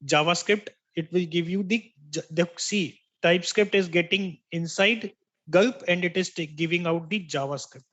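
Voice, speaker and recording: Guy teaching a coding class online, high-ish voice, keeps saying "right?" and repeating stuff. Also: moderate pace, a bit bright, lo-fi sound. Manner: explanatory, checks in with "right?" after each point; repeats key terms to stress them. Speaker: software instructor. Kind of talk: online tech training lecture.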